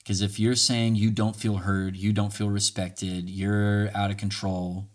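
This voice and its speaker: In a casual teaching monologue, this male podcast host walks listeners through communication tools with real earnestness, acting out example dialogue. His voice is on the low side, level in tone, and a little slow.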